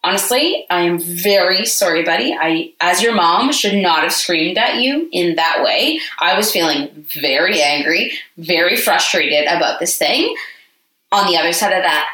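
A woman's voice: fairly low pitch, animated, normal speed, pushed and bright, reverberant, far from the mic, rough recording. A woman co-hosting a podcast, chatting casually and expressively, acting out little quotes. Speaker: podcast co-host. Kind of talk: casual chat.

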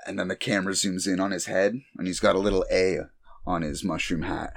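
A man co-hosting a casual chat, recapping a story with sudden high squeaky character voices. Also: fairly even intonation, fairly quick, vocal fry, no room sound, studio quality. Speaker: podcast co-host recapping an anime.

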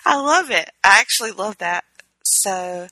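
A woman co-hosts a podcast with jokes and slang, laughing easily. Her voice is very bright. The sound is dry. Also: mid-range voice, expressive, measured pace, dry recording, poor audio. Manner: joking, laughs often, uses slang. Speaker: podcast co-host. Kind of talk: casual chat.

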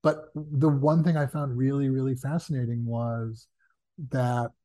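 A man's voice: medium pitch, measured pace, no room sound, studio quality. A man talking casually as a guest about comedy writing, acting out the people he quotes. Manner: animated, acts out quoted voices. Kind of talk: casual storytelling in conversation.

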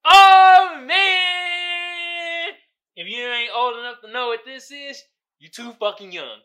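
A man hosting a casual solo podcast, talking loudly and profanely, often laughing and shouting exclamations. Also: high voice. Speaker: podcast host.

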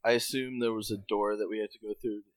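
A man playing a tabletop role-playing game, stating his moves and asking tactical questions deliberately. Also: lowish voice, little pitch movement, dry recording. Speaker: player.

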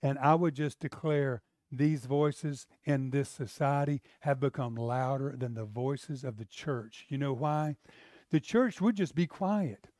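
A man's voice: medium pitch, measured pace, mellow, no room sound, studio quality. A middle-aged man, preaching a sermon in a conversational style that rises to emphatic outbursts. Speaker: pastor.

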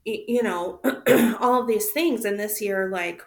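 A woman's voice: mid-range voice, unhurried. A woman co-hosting a podcast in casual chat, thinking aloud and searching for her words. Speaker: podcast co-host.

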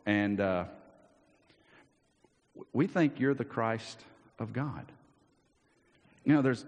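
A pastor with a Southern US accent preaches in a folksy, talky way, often repeating himself. His voice sits high and swings widely in pitch. The sound carries a long reverb from a large hall. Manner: folksy, drops into hushed asides and repeats words. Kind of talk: sermon.

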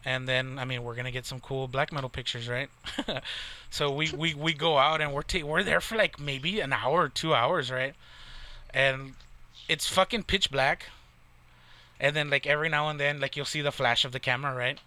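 A man's voice: mid-range voice, steady tone, normal speed, pushed and bright. Swearing Texan man telling a story. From Texas, near the Mexican border. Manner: profane, rambling, lots of "like" and "right?". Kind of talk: casual storytelling.

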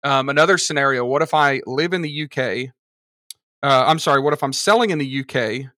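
Bright-toned man explaining at length. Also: medium pitch, a little fast, no room sound. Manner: explanatory, talks through examples at length. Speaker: guest from a seller funding service. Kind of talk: casual podcast conversation.

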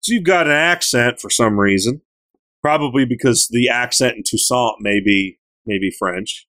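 A man chatting casually on a gaming podcast, retelling a story with animated, joking energy. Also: mid-range voice, moderate pace. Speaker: podcast co-host recapping a game.

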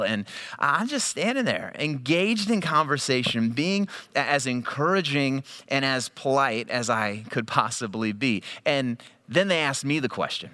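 A man's voice: mid-range voice, animated, measured pace, bright, forceful tone. A male pastor giving a sermon, telling stories in a conversational, humorous way.

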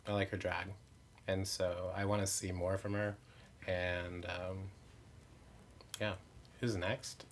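A man's voice: sits low, level tone, slow, long pauses, a little hiss or hum. A man who performs in drag, chatting candidly in an interview with many "like" fillers and self-mocking asides. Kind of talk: casual interview chat.

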